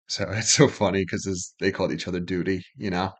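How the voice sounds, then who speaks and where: A man's voice: low-pitched, brisk, few pauses. A man hosting a music reaction, casually explaining song lyrics in an earnest way, with lots of fillers.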